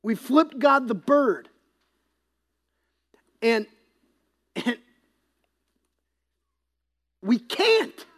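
A pastor preaching an impassioned sermon, swinging between loud emphasis and hushed, whispered passages. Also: medium pitch, sing-song, very slow, pauses often.

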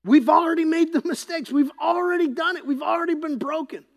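A pastor preaching an impassioned sermon, swinging between loud emphasis and hushed, whispered passages. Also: extremely high pitch, brisk, gravelly.

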